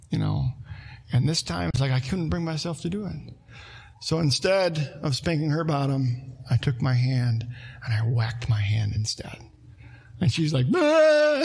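A pastor preaching a conversational sermon, telling a family story with acted-out quotes. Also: male voice, a little high, vocal fry, fairly bright tone, slightly rough.

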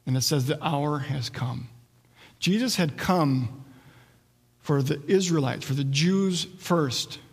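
A man's voice: fairly high pitch, slow, breathy edge, big-room sound. A man preaching a sermon as pastor, reading scripture aloud and explaining it verse by verse. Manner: expository preaching, acts out quoted voices.

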